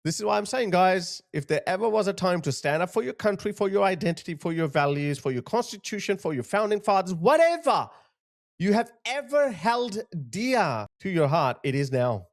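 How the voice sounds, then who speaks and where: A man's voice: sits high, expressive, a little fast, hardly any pauses. A man giving impassioned video commentary, emphatic and indignant, driving his points home by repeating phrases. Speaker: political commentator.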